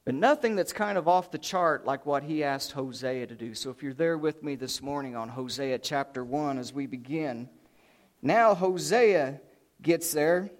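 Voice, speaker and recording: A man preaching a sermon, telling Bible stories in an animated way and stretching out key words for emphasis. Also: on the high side. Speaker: pastor.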